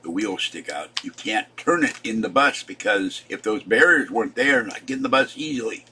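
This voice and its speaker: A man's voice: on the low side, animated, normal speed, pushed and bright, a little hiss or hum. A man in his seventies, tired and upset, rambling through a casual vlog and complaining as he trails off. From Pittsburgh. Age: 70s. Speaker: vlogger.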